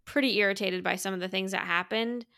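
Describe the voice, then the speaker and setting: Female co-host, mid-range pitch, gravelly, blunt and playfully irritated. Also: fairly even intonation, fast talker, pushed and bright, no echo, studio quality. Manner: blunt, opinionated, playfully exasperated. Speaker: podcast co-host. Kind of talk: casual chat.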